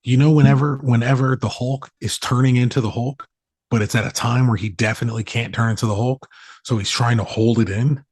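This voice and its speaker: A man in his thirties, co-hosting a casual podcast, telling animated stories and swearing freely. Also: mid-range voice, a little fast, husky, no room sound, studio quality. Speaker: podcast co-host. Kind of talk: casual chat.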